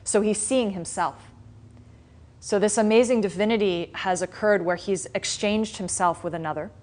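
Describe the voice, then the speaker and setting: A woman spiritual teacher giving a dharma class, retelling a story in a conversational, animated way with frequent restarts. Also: mid-range voice, normal speed. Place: class in a meditation center.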